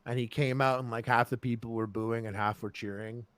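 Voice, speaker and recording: A man's voice: mid-range voice, steady tone, brisk, no room sound. A man co-hosting a podcast in casual chat, rambling through stories and acting out quotes. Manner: rambling storyteller, acts out quotes. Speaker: podcast co-host.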